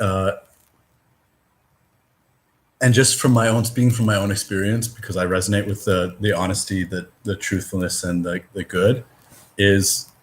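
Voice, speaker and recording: Rambling man, halting casual talk. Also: fairly low pitch. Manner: rambling, halting, many fillers and restarts; swears casually. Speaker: discussion participant. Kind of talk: casual conversation.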